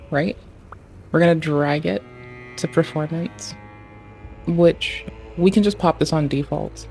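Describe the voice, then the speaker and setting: While adjusting game graphics settings, a livestreamer talks casually and swears freely, muttering to themself and asking questions of the screen. The voice is medium-pitched, creaky, and somewhat dark in tone.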